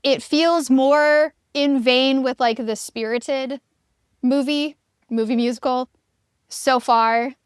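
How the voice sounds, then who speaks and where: Clear-voiced woman co-hosting a book chat. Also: sits high, steady tone, slow, dry recording, clean studio sound. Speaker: podcast co-host. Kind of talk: casual book discussion.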